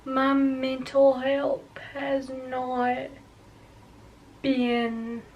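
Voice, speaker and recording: A young woman in her early twenties speaks in a high, slow, halting way, often pausing and restarting as she opens up on camera. Her pitch stays fairly level. She sits a little back from the mic, with a faint hiss of background noise. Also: monotone, distant mic, lo-fi sound. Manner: halting, hesitant, emotional. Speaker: vlogger. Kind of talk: personal confessional vlog.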